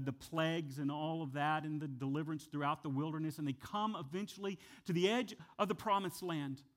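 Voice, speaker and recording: A man delivers a sermon in a high, bright-pitched voice. He drives his points hard, then drops suddenly to a hushed, low aside, retelling scripture with dramatic weight. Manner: dramatic, acts out quotes with big swings from loud to hushed. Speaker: pastor.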